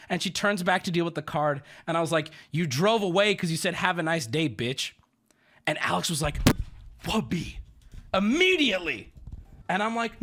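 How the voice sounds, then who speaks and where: A man's voice: high voice, fairly quick. A male streamer telling a story in a casual, profane rant, acting out the people he quotes. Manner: animated, profane, acts out quoted voices.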